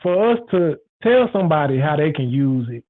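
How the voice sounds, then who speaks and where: High-voiced man with tinny phone-like sound. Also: sing-song, moderate pace. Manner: rambling, repetitive, frank and emphatic. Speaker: show host. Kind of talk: casual monologue.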